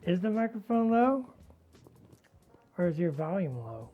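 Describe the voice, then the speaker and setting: Brief: woman, deep voice, loud playful hobby-stream host, muffled lo-fi sound. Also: big pitch swings, unhurried. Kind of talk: casual chat while painting.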